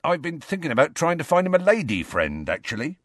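A man voicing a huge, gruff, kindly half-giant gamekeeper who turns soft and hushed in sad moments. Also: on the high side, wildly swooping pitch, brisk, no echo, studio quality, pitched above the performer's own voice. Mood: rambling.

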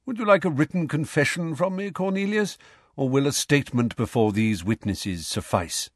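A man voicing a calm, wry, kindly old male wizard who speaks gently and pleasantly. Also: fairly high pitch, normal speed, no echo, clean studio sound, voice pushed up, close to an everyday voice.

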